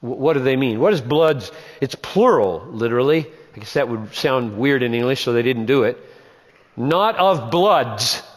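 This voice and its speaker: A man's voice: medium pitch, animated, moderate pace. Emphatic male Bible teacher in reverberant hall. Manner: emphatic, repeats key phrases, asks rhetorical questions.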